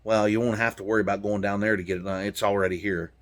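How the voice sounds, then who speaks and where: An American man with a fairly low, flat voice rants quickly to his viewers from inside his truck. The vlogger's profane, angry outburst is heated and punchy, full of swearing.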